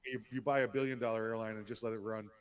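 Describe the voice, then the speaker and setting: A man's voice: on the low side, fairly even intonation, fast talker, clear, resonant tone. A man co-hosting a casual political talk podcast, speaking plainly with short replies. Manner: plain, terse, reads ads. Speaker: podcast co-host.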